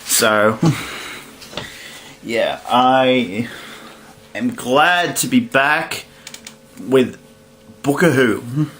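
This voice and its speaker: A man's voice: mid-range voice, extremely slow, pauses often, a bit bright. A young man giving casual solo commentary on a wrestling card, rambling and correcting himself as he goes. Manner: rambling, self-correcting, laughs at own slips. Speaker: wrestling fantasy booking host.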